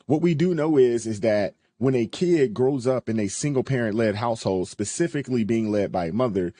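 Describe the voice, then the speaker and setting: A man's voice: medium pitch, animated, fairly quick, warm tone, dry recording. A man in a casual podcast discussion, speaking earnestly, citing data and repeating himself for emphasis.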